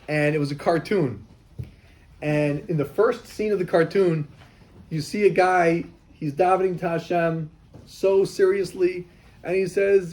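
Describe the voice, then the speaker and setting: A man, a rabbi, giving a lively sermon full of rhetorical questions and acted-out dialogues. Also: on the high side, rough recording. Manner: animated, rhetorical questions, acts out dialogues with God. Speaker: rabbi teaching.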